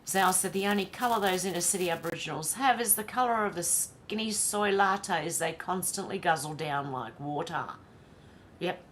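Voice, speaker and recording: A woman's voice: fairly low pitch, normal speed, fairly bright tone, slight background noise. A woman from Australia with an Australian accent, hosting a live stream in a casual, chatty way, often laughing to herself as she reads out viewer comments. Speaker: livestream host.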